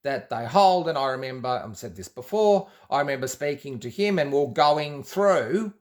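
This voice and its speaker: This Australian ex-Jehovah's Witness shares his personal story at normal speed, his medium-pitched voice carrying lively intonation. The casual monologue wanders, restarts many times, and includes quoted exchanges.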